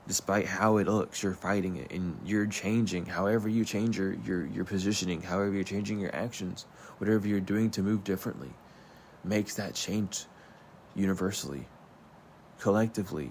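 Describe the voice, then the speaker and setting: A man's voice: low voice, darkish tone, a little hiss or hum. A man giving an earnest, rambling spiritual pep talk, speaking straight to the viewer in a soothing, repetitive way. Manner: earnest, rambling, repeats himself. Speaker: spiritual reader.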